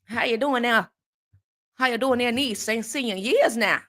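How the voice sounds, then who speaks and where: A friendly old Southern country uncle drawls out slow, homespun greetings, as a woman puts him on. He sounds easygoing and welcoming. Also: a little high, a bit bright, natural voice. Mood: folksy.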